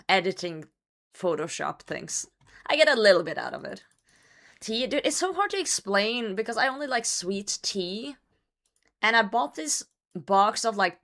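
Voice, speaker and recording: Hoarse woman streamer chatting casually. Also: fairly low pitch, a bit bright. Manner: loose and chatty, swears, reads chat aloud and laughs. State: voice worn out from a cold. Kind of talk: casual livestream chat.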